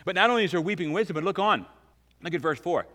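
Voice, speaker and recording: A man in his fifties preaching a sermon as pastor, emphatic, swinging between loud and hushed. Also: sits high, lively intonation, fast. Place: church sanctuary. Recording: long reverb of a large church hall.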